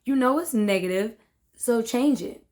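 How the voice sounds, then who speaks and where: A young adult woman hosting a casual book discussion, talking in a relaxed conversational way and often checking in with "right?" and "you know what I'm saying". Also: fairly high pitch, a little slow. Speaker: host of a self-love book discussion. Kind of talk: casual reflective talk.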